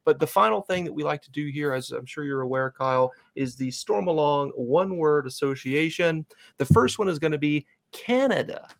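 A man's voice: fairly high pitch, expressive, normal speed, creaky. A man hosting a fan podcast, upbeat, introducing upcoming guests and asking questions. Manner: upbeat, plugs upcoming episodes. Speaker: podcast host.

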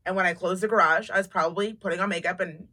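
Bright-voiced woman telling stories. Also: lowish voice, rapid-fire. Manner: animated storyteller, swears freely, acts out quotes. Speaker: podcast co-host. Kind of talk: casual chat.

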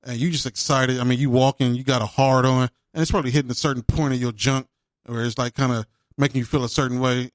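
Casting note: relaxed male co-host, rambling and easygoing, mid-range voice, close and dry. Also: mid-range voice, no echo. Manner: laid-back, rambling, drops "man" often. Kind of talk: casual chat.

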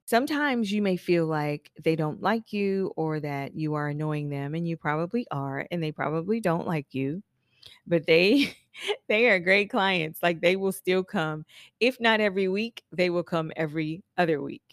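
A chatty woman with a somewhat low voice talks casually to hairstylists about running a business. She laughs often and slips into quick impressions of her clients. The sound is dry and close, with no room around it. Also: dry recording. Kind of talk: casual solo podcast talk.

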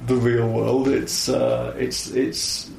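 A man's voice: medium pitch, little pitch movement, slow, vocal fry, darkish tone, slight background noise. A man chatting casually about films in a musing, self-deprecating way. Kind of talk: casual film chat. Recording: roomy echo.

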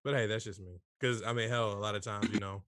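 A man's voice: fairly low pitch, steady tone, fast, fairly bright tone, no echo, clean studio sound. A man rambling in casual podcast chat among friends, loose and full of fillers and swearing.

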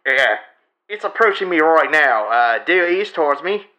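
A man playing a young pilot with a put-on Australian accent, halting and hesitant in his radio reports, as a comedic dramatic reading. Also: a little high, big pitch swings, sharp tone, pitched above the performer's own voice. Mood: uneasy. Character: young male pilot reporting a strange aircraft.

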